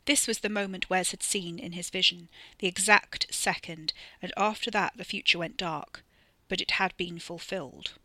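Close to the mic, a narrator and author reads a scripted horror story with steady, varied emphasis at a moderate pace, pausing little. He has a mid-range voice, and there's no echo.

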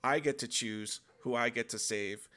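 A man voicing Jesus as a calm, firm figure who plainly tells off his listener as son, in a bright voice. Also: mid-range voice, moderate pace, lightly acted. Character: calm, firm male Jesus, mildly scolding.

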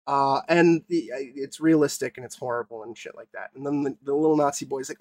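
A young man co-hosting a podcast, ranting with swearing and halting restarts. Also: fairly high pitch, dry recording. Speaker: podcast co-host. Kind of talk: casual podcast chat.

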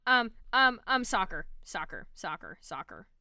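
A young woman co-hosting a podcast, chatting casually and playfully and breaking into giggles. Her voice is bright and a little high, with lively ups and downs. The recording is close and dry. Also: measured pace, no echo. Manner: playful, giggly, repeats words. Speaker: podcast co-host. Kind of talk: casual chat.

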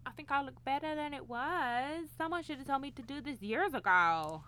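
A woman's voice: sits high, lively intonation, normal speed, sharp tone. A British woman co-hosting a podcast, chatting casually, giggly and swearing freely. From England. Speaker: podcast co-host. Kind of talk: casual chat.

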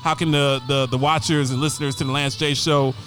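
A man hosting a show, talking in a relaxed, slangy, affirming way to his guest. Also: mid-range voice, a little fast, faint music behind. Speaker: show host. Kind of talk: casual interview chat.

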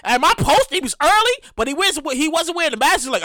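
High-voiced, lively man hosting a podcast. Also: fast talker, few pauses, very noisy. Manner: animated, profane, repeats himself, shouts in acted reactions. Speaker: podcast host. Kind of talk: casual solo podcast monologue.

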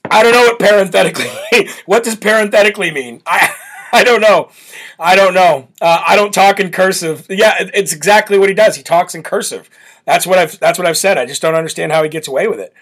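An American man hosts a political talk show, reading the live chat and viewer comments in a brash, mocking way and laughing often. His voice is high-pitched, fairly bright in tone, and fairly quick.

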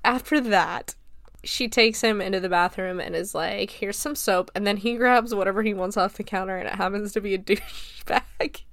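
Woman, late 20s, casual film recap, laughs a lot, swears, lots of "like", mid pitch, dry close sound. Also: moderate pace, a bit bright, no room sound. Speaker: film reviewer.

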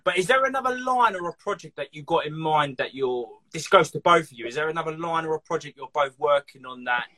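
A man hosting a casual chat, an animated storyteller who laughs and swears freely. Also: on the high side, quick pace, few pauses. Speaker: podcast host.

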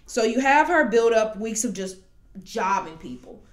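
A woman hosting a casual podcast, talking animatedly and quickly with plenty of asides. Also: on the high side, animated. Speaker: podcast host. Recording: roomy echo.

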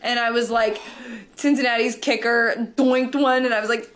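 A young woman co-hosting a casual sports podcast, talking chattily with quick asides and easy laughs. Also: a little high, steady tone, a bit bright. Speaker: podcast co-host.

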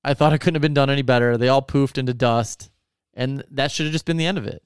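A man's voice: medium pitch, steady tone, fast talker, clean tone, dry recording, studio quality. A man in casual chat, telling stories in a profane, sarcastic rant. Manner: profane, ranting, sarcastic storytelling.

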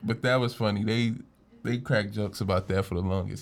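A young man co-hosting a podcast in casual chat, an animated storyteller who swears freely and acts out what people said. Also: fairly low pitch, normal speed, creaky. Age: young adult. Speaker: podcast co-host.

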